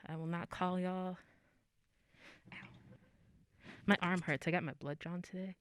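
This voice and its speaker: A woman's voice: fairly low pitch, fairly even intonation, a little slow, fairly bright tone, clear, resonant tone, no echo. A young woman hosting a poetry open mic, chatting in a casual, self-deprecating way. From United States. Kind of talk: casual chat.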